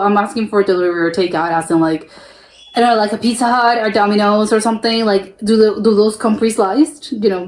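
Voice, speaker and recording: A woman's voice: medium pitch, darkish tone. A young woman from the United States hosting a reaction video, rambling casually with lots of fillers and restarts. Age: young adult. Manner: rambling, full of fillers and restarts, laughs easily. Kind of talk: casual chatty reaction commentary. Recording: echoey room.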